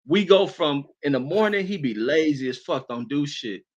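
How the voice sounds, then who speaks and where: A man telling old army stories in casual chat, profane and animated, often laughing. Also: fairly high pitch, normal speed, muffled recording.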